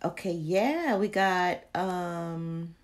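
A woman's voice: fairly low pitch, drawn-out words. A woman vlogging casually to her viewers, chatty and exasperated, full of slang and muttered asides. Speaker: candle vlogger. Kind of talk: casual live chat to viewers.

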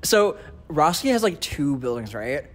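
Young man with a slightly high voice, rambling. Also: very animated, measured pace. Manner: rambling, dry teasing, heavy use of "like". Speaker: art student guest. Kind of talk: casual chat. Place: art school studio.

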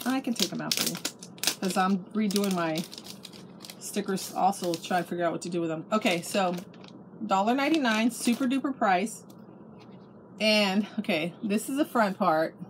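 An animated middle-aged woman with a mid-range voice talks at a moderate pace about her craft haul, chatting casually at home. She gushes and restarts her sentences, over a faint hiss or hum.

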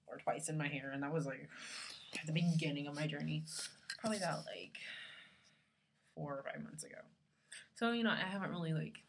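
A woman's voice: low voice, noisy background. A young woman vlogging casually from her dorm room, rambling along with lots of fillers, her camera resting on her lap. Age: young adult.

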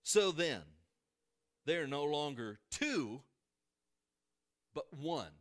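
A man with a Midwestern American accent, preaching a sermon to a congregation in a church, swinging between emphatic peaks and soft asides. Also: fairly high pitch, very animated, extremely slow. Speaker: pastor. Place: church sanctuary before a congregation.

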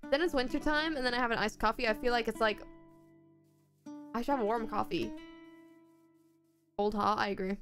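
A woman's voice: on the high side, fairly even intonation, fairly quick, long pauses, a bit bright, soft background music. A young Irish woman chatting casually while streaming a game, rambling along with playful asides. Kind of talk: casual chat while gaming.

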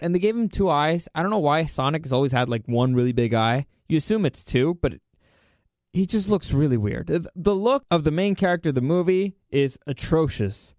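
A man vlogging a casual opinion rant, animated and incredulous, with crude outbursts. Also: on the high side, no room sound, studio quality.

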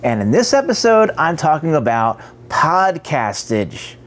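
A man's voice: a little high, big pitch swings, measured pace. A man hosting a casual channel spotlight, chatty, who stumbles over words and corrects himself. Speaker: host.

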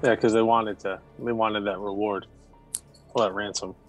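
A man's voice: lowish voice, level tone, moderate pace, soft background music. A man playing a tabletop game, describing his character's moves in an easygoing way. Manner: easygoing, narrates his character in third person. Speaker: player. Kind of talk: casual chat.

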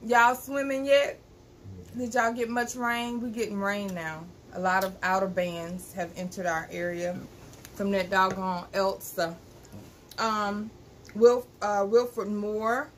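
A woman's voice: mid-range voice, steady tone, takes it slowly. A woman, co-hosting a casual live stream and greeting viewers by name. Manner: warm greetings, reads names aloud, easygoing. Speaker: co-host. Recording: faint background noise.

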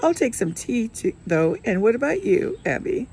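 Woman reading candid widow abroad, plain honest delivery, gravelly texture. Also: fairly high pitch, very animated, normal speed, a little mellow, a little hiss or hum, pitched above the performer's own voice.

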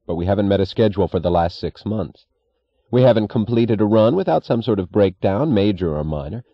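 A man's voice: lowish voice, lively intonation, a little fast, breathy edge, no room sound, dull audio. A man voicing an earnest, worried railroad assistant. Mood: urgent. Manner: urgent, pleading, plain-spoken. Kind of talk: audiobook character reading.

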